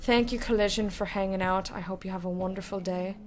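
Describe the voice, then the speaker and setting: A woman's voice: medium pitch, steady tone, fairly quick. A young woman streaming a game, chatting casually with viewers, joking and swearing freely as she plays. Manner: chatty, swears often, jokes with chat. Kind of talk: casual gameplay commentary. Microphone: desk mic with headphones. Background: music.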